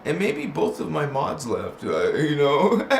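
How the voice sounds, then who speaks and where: Talking loosely with viewers on a casual livestream, this male host laughs a lot and drifts into chanting made-up words. His gravelly, slightly high voice moves slowly with huge pitch swings, captured in a roomy space with a faint hiss behind it.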